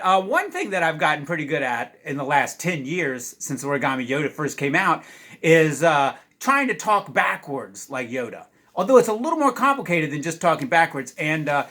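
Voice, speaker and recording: A man who writes children's books talks casually with young readers, his bright voice bouncing up and down. He sits high in pitch and reads aloud in a lively, chatty way, with plenty of fillers along the way. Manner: animated, chatty, many uh fillers. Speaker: children's book author.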